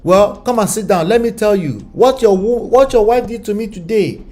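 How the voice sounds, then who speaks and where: A man's voice: high voice, moderate pace, a little mellow, faint music behind, pitched above the performer's own voice, natural voice. A man voicing an indignant older mother scolding her son about his wife.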